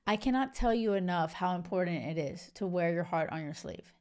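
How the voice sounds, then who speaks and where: A woman's voice: on the low side, expressive, fairly quick, darkish tone. A young woman hosting a casual talk about a reality show, effusive and chatty, with many fillers and restarts. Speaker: host. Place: lives in Spain.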